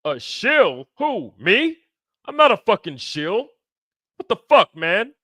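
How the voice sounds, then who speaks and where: A man putting on an indignant, higher-pitched outraged guy. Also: animated, a little slow, bright, forceful tone, clear, resonant tone, no room sound, exaggerated voice. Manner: profane, exasperated outbursts. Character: indignant man accused of being a shill.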